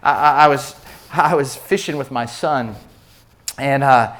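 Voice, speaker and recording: A man giving an animated, storytelling sermon talk, often repeating words as he starts sentences. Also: a little high, unhurried. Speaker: speaker at a faith session.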